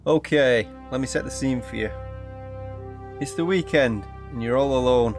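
A man's voice: mid-range voice, normal speed, soft background music. A man, co-hosting a podcast and setting up an improvised scenario in a chatty way. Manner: chatty, second-person scene-setting. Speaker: podcast co-host.

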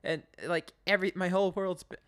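Man doing a young woman, high falsetto, earnest, pleading, slow and drawn out. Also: steady tone, natural voice. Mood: distraught.

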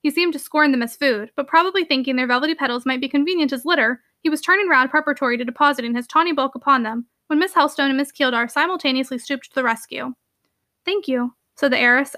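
A woman narrates a classic novel in a brisk, expressive way. Her voice is high and bright, and she moves along at a quick pace. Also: dry recording, clean studio sound. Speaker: audiobook narrator. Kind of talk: reading a classic novel aloud.

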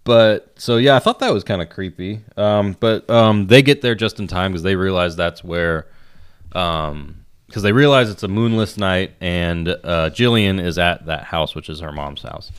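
A man's voice: deep voice, normal speed, clear, resonant tone. A young man chatting casually about a movie, rambling and swearing now and then.

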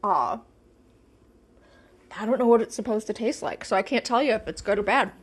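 Her voice is medium in pitch and expressive, moving at a moderate pace. She's a podcast host doing a laid-back solo chat, thinking aloud over a meal with many fillers and the occasional full mouth.

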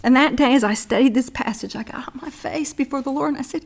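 Middle-aged female Bible teacher with a slightly high voice, earnest storytelling that slows for emphasis. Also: gravelly.

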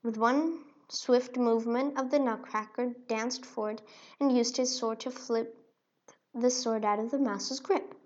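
A woman reads a children's storybook aloud, slow and expressive. Her voice is fairly high, and the recording is dull and lo-fi. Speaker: narrator. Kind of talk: storybook reading.

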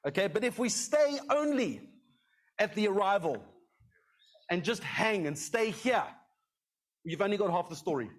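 A middle-aged male pastor giving a conversational sermon, often checking in with the congregation with "okay?". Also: sits high.

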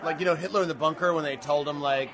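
Animated, rambling man with an audience around. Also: on the high side, fast talker, a faint crowd. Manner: rambling, self-deprecating, animated storyteller. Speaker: guest actor. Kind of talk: casual interview chat.

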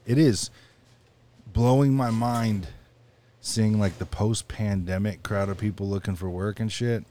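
A man's voice: fairly low pitch, fairly even intonation, a little slow, warm tone, slight background noise. Laid-back man telling stories. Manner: storytelling, swears freely, laughs often. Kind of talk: casual chat among friends.

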